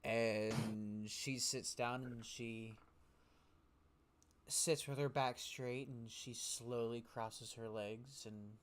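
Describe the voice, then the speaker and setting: A game master narrating a tabletop role-playing session at a slow pace. The narration rambles, circling back and repeating words as scenes are described. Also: mid-range voice, steady tone, slight background noise.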